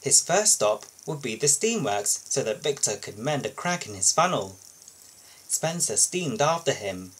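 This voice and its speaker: A man reads a children's storybook aloud, expressive and sing-song. His pitch swings widely. His voice has a husky, breathy texture. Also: measured pace, rough recording. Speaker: storybook reader.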